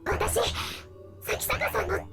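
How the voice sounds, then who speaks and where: A woman voicing an earnest, shy schoolgirl in a visual novel, speaking gently and politely as she pleads with a friend. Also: extremely high pitch, unhurried, gravelly, full character voice. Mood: pleading. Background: game music.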